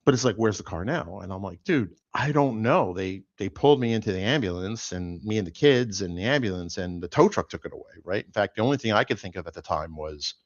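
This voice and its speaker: A middle-aged man, still sore after an accident, hosting a show and telling a rambling, animated story with lots of fillers. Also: low voice, fast, few pauses, no room sound, dull audio. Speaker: host. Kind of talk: casual chat.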